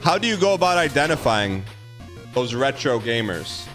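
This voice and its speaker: A man's voice: medium pitch, sing-song, normal speed, fairly bright tone, soft background music. A man hosting a live game stream, chatting casually and repeating phrases as he talks straight to his viewers. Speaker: live-streaming gamer host. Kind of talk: casual live-stream chat while gaming.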